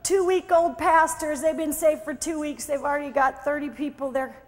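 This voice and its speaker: A woman preaching at a conference, exuberant, with shouted exclamations and frequent laughter. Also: high-pitched, steady tone, moderate pace. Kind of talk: sermon. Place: conference hall. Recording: echoey hall with faint crowd. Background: faint crowd.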